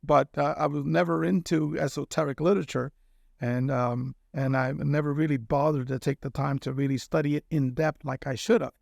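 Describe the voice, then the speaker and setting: A middle-aged man from Cuba with a gravelly, somewhat raised voice, telling a personal story as a guest. He speaks earnestly and keeps checking in with his listener with a quick "okay?". The sound is close and dry. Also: fairly high pitch, steady tone, darkish tone, dry recording. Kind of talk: casual storytelling in conversation.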